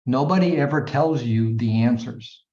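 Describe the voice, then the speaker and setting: A man's voice: medium pitch, moderate pace, dark tone. Guy coaching his team, punchy and repetitive, muffled echoey recording. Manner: emphatic, repetitive, punchy sound words; addresses listeners as gang and guys. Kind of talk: motivational coaching talk. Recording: dull echoey room recording.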